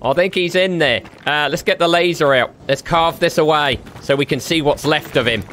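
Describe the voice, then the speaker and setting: A young man doing lively gameplay commentary, trash-talking with slang and laughing often. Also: a little high, moderate pace, a crowd in the background. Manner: rowdy, jokey trash-talk with slang and frequent laughter. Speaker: gaming YouTuber.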